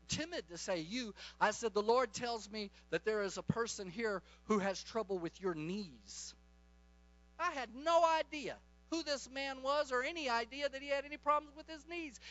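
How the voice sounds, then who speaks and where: A man's voice: very high-pitched, pushed and bright. A middle-aged man preaching a charismatic sermon, fervent and commanding as he tells stories. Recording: dull lo-fi recording.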